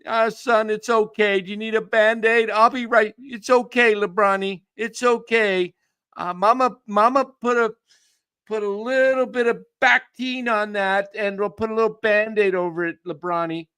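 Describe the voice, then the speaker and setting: A man's voice: high-pitched, fairly even intonation, normal speed, pushed and bright, clean tone, dry recording, studio quality, voice pushed up. A man doing a cooing doting mother. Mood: mocking coo. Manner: mocking, sing-song baby talk. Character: doting mother cooing over her crybaby son.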